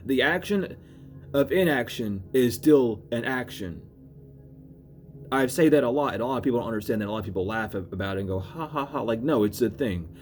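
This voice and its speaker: A man's voice: a little fast, faint music behind. Man giving a rambling, swearing spiritual reading. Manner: rambling, swears freely, swings between loud urging and low asides. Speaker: spiritual reader. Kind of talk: casual spiritual reading to camera.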